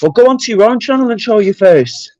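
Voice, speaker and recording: A man's voice: high voice, expressive, brisk, darkish tone, no room sound, dull audio. British man, livestream rant, confrontational, sweary, dry sound.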